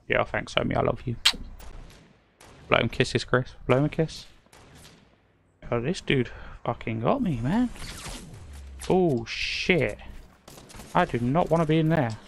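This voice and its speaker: A man streaming a game live, talking excitably to a teammate, swearing and breaking into quick laughs. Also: medium pitch, gravelly. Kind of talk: live gaming commentary.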